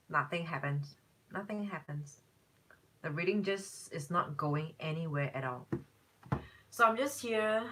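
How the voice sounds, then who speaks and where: Woman tarot reader, casual live-stream host, bright and tense tone, rambling, exasperated. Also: on the low side. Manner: chatty, talks back to viewer comments, rambling restarts; exasperated exclamations.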